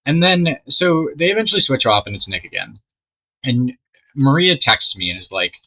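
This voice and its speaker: Rambling young man with a very bright voice. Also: medium pitch, very animated, moderate pace, husky. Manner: rambling, swearing, trailing off mid-sentence. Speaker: storytelling gamer. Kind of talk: casual storytime while playing a game. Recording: dull lo-fi mic.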